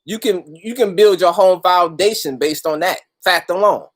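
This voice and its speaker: Hosting a casual livestream, a man with a high voice speaks at a moderate pace. He welcomes viewers by name and keeps things loose with street slang and lots of cursing.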